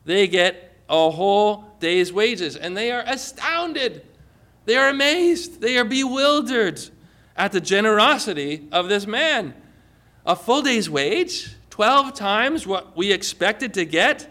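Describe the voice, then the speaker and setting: Bright-voiced, animated male preacher. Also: high-pitched, slow. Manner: animated, rhetorical questions, dramatic emphasis. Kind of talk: sermon.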